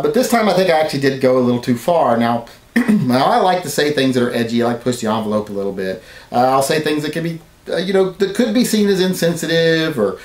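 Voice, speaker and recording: A man's voice: medium pitch, echoey room. A man vlogging a mock-serious apology to his channel viewers, rambling and working himself into mock outrage. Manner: rambling, deadpan then mock-outraged rants.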